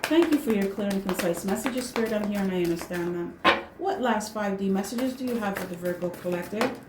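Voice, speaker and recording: A woman's voice: medium pitch, a little fast, very noisy. A woman giving a casual tarot reading, blunt and slangy, swearing freely and hammering her points home with "right?" and "okay?". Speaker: tarot reader. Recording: roomy echo.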